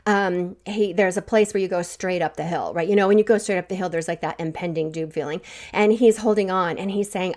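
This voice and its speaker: A grandmotherly podcast host from Southwest Missouri gives a faith-based encouragement talk, telling stories warmly and laughing along the way. Her voice is medium-pitched and her pace brisk.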